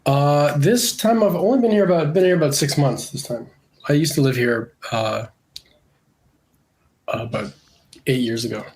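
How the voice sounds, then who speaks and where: Congested Canadian man, relaxed and halting. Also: on the high side. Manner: relaxed, hesitant with many fillers. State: congested from a cold. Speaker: illustrator guest. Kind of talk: casual interview.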